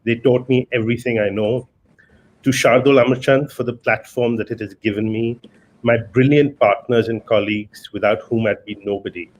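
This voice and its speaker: A man's voice: mid-range voice, slight background noise, poor audio. A man, a lawyer giving a formal, dryly self-deprecating acceptance speech over a video call. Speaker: award winner, lawyer.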